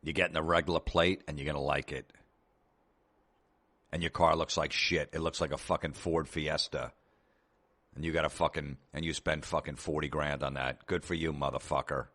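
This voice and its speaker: A man's voice: rumbling low, steady tone, normal speed, a bit bright. A man hosting a comedy show, ranting in a sarcastic, profane and exasperated way. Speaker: comedian host. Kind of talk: comedic rant.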